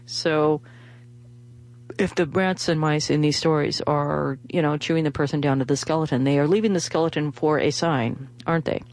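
A woman's voice: low voice, fairly even intonation, normal speed, a little mellow. A woman radio host, talking in a rambling, chatty way full of fillers and restarts. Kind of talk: casual radio monologue with pledge appeal.

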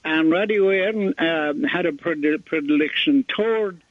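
An older man hosting a radio show, telling a rambling story in halting casual chat. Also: fairly high pitch, dry recording. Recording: tinny phone-line radio audio.

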